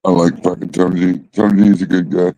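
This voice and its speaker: A man's voice: deep voice, flat delivery, fast, warm tone, dry recording, poor audio. A middle-aged man hosting a livestream, chatting casually in a rambling way, swearing freely. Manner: rambling and heavily profane. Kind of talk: casual chat.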